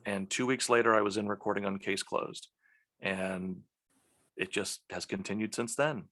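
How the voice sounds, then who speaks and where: A man from Texas, a guest voice actor, telling lively stories in a casual interview and slipping into the voices of people he quotes. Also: fairly low pitch, normal speed. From Texas, USA.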